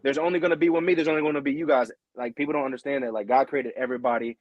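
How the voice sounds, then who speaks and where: A man's voice: mid-range voice, fairly even intonation, rapid-fire, dry recording, highs cut off. Talk it through loosely and earnestly as a young guy on a podcast, voice dry and close. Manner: rambling, peppered with "you know what I mean"; earnest and heartfelt. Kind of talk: casual podcast chat.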